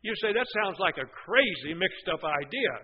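Male preacher, high voice, earnest sermon with emphatic swells, dull lo-fi broadcast sound. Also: expressive, normal speed, slight background noise.

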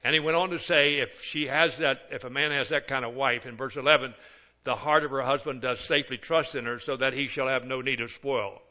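A man's voice: mid-range voice, sharp tone, dull audio. An older man, a pastor of many years, preaching a sermon with folksy, joking asides.

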